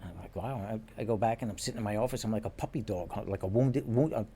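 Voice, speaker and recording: Ex-detective guy on a podcast, mid-pitched, telling a funny work story, does the voices. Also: fast talker, slight background noise. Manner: animated anecdote, acting out quotes. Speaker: podcast guest, former police detective. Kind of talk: casual storytelling chat.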